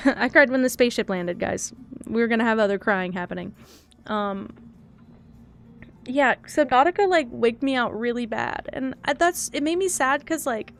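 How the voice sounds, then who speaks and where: A woman's voice: high-pitched, a bit bright. Teary young woman chatting on stream. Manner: rambling, self-deprecating, laughs often. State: teary, crying. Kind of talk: casual live-stream chat.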